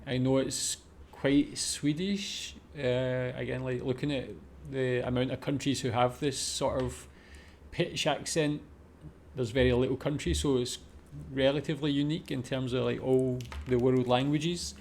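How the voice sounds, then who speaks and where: A man's voice: mid-range voice, fairly even intonation, measured pace, darkish tone, a little hiss or hum. A man casually commenting on a video he is watching, hesitant and full of fillers. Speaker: reaction video host.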